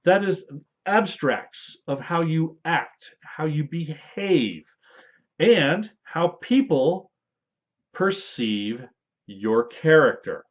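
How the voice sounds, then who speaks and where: Animated man rambling about game rules. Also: on the high side, extremely slow. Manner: rambling, animated, with fillers and playful asides. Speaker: tabletop game designer. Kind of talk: casual explanatory talk. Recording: dull lo-fi audio.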